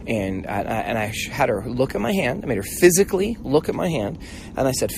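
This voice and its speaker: A middle-aged man hosting a motivational mentoring talk, telling stories in a casual, animated way and acting out voices, with a swear word now and then. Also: medium pitch, fairly quick, creaky, slight background noise. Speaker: host, mentor.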